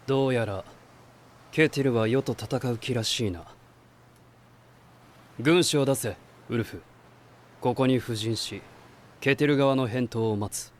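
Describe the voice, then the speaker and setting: Man playing a commanding anime king, calm, measured, mid pitch, clip with ambience behind. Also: slight background noise, close to an everyday voice. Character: composed, commanding young male king. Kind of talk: anime voice acting.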